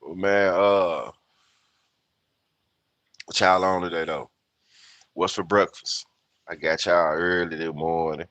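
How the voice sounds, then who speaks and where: Low and steady, this Memphis-accented American in his fifties takes his time and pauses often as he hosts a casual livestream. He rambles, curses and laughs at himself, his slightly bright voice recorded with no echo.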